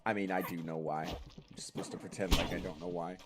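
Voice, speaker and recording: A man's voice: low voice, fairly even intonation, a little fast, heavy background noise. A man streamer giving casual, rambling gameplay commentary and answering his chat, still congested from a lingering cold. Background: game music.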